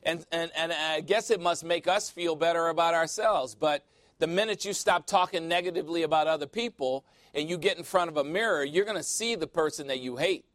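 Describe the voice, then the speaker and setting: A male pastor preaching a sermon, animated and storytelling, often quoting others in playful voices. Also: fairly high pitch, a little fast, no echo.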